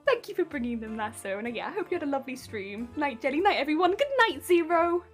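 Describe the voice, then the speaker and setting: While working on a cosplay prop, a high-voiced woman chats casually with her live-stream audience, her pitch swooping as she giggles and reads out chat. She is very animated and talks quickly, with soft music playing quietly behind her.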